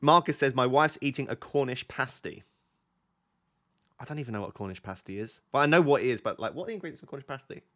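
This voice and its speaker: A man's voice: medium pitch, lively intonation, quick pace, sharp tone. A young man chatting casually on a live stream, reading out viewer comments and drifting off on tangents. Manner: chatty, easily sidetracked, reads out chat messages. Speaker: fantasy football streamer.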